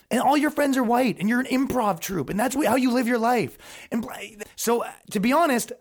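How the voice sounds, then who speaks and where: Male podcast host; loose, profane, sarcastic rant with lots of restarts. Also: very high voice. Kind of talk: comedic rant.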